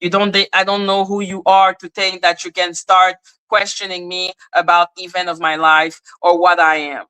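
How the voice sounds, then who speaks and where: A woman's voice: on the low side, level tone, normal speed, bright, forceful tone, clean tone, poor audio. A woman hosting a livestream, ranting in a blunt, sarcastic and confrontational way while answering her chat. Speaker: livestream host. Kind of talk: casual livestream rant reacting to chat.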